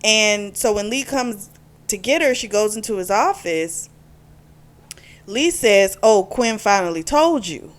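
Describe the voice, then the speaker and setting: A woman's voice: medium pitch, lively intonation, unhurried. A woman reviewing a romance novel in a casual chat, retelling the plot and acting out the characters' lines. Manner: chatty retelling, acts out quotes with "she's like". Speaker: book reviewer.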